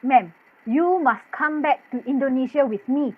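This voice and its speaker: A woman's voice: high-pitched, moderate pace, husky. Woman playing a plucky young maid. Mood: earnest. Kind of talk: staged play reading over video call. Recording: dull muffled video-call audio.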